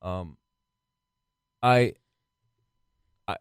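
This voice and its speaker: American guy, lowish voice, rambly storyteller, dry close sound. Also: drawn-out words, clear, resonant tone, no echo. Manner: rambling storyteller with many restarts. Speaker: guest actor. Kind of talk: casual podcast chat.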